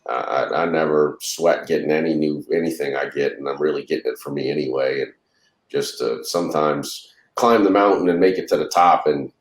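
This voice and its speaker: A man's voice: rumbling low, fairly quick. A man and reptile breeder, a guest on the show, telling a rambling, casual story and acting out the dialogue. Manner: rambling, acts out dialogue in anecdotes. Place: lives in Louisiana. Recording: roomy echo.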